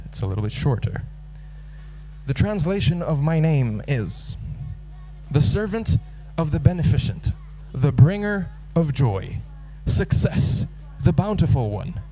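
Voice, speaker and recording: A man's voice: a little high, sing-song, a little slow, soft background music, poor audio. A young man emceeing a live comedy show, joking playfully and hyping up the crowd before he introduces the acts. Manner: playful, hypes the crowd, loud and rising when introducing acts. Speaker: master of ceremonies. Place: live comedy venue with audience.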